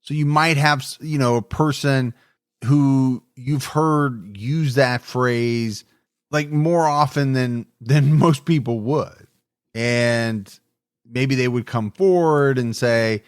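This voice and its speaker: A male co-host narrates a true crime podcast in a measured, reflective manner, his voice at an ordinary middle pitch. The recording is dry and close, without any room sound.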